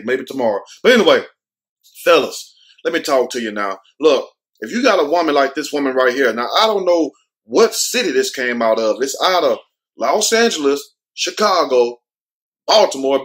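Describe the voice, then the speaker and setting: A man's voice: medium pitch, big pitch swings, normal speed, fairly bright tone. Slangy man riffing to his viewers. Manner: loose, joking street slang delivered straight to camera. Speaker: show host. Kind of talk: casual commentary on a viral video.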